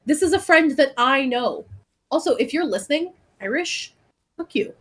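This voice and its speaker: A young woman co-hosting a podcast in casual chat, talking in quick, laughing asides. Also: high-pitched, animated. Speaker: podcast co-host; teacher.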